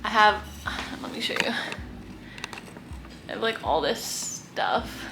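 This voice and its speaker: Slow-talking young woman, chatty vlog. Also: mid-range voice, animated, noisy background. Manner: chatty, lots of "like", coos in baby talk. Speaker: vlogger fostering kittens. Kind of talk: casual chat to camera. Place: home guest room.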